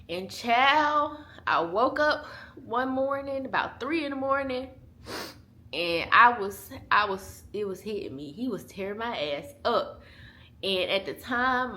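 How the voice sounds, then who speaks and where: A woman's voice: medium pitch, sharp tone. A woman in her twenties, a mother vlogging in casual chat to camera, candid and chatty, laughing often and talking straight to her viewers. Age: 20s. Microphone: small handheld camera.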